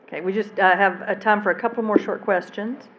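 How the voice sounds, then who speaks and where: A woman moderating a panel, brisk and friendly with quick asides. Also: mid-range voice, fairly even intonation, a bit bright, muffled recording. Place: convention panel room.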